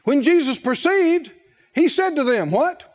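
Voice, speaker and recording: An older man preaching a sermon, animated and playful, often laughing at his own points. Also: very high voice, measured pace. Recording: hall reverb.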